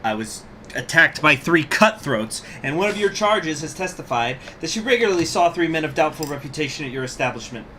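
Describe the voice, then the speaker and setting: A man's voice: on the high side, animated, brisk, bright, forceful tone, slight background noise, pitched above the performer's own voice. A man voicing a stern, contemptuous revolutionary judge, reading game dialogue aloud in a cold, accusing tone.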